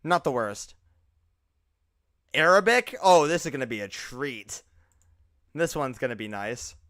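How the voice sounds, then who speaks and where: A young man streaming live, chatting casually and excitably, laughing often and sounding tired. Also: medium pitch, unhurried, no echo, studio quality. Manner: excitable, laughs often, uses fillers like bro. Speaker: livestreamer. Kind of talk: casual live reaction chat.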